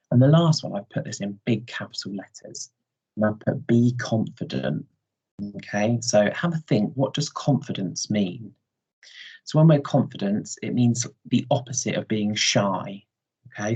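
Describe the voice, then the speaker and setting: A male primary teacher with an English accent talks young children through a recorded lesson at home. His voice is mellow and a little husky, and he checks in often with a gentle "okay?". The recording sounds dull and lo-fi. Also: medium pitch. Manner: patient, explaining step by step, frequent "okay?" checks.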